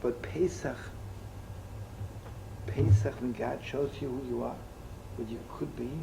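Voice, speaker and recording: Older male rabbi, gravelly, lively storyteller, slips in Yiddish and Hebrew words. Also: mid-range voice, a little slow, noisy background. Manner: animated, chatty, sprinkled with Yiddish and Hebrew terms. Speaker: rabbi teaching. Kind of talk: storytelling sermon with jokes.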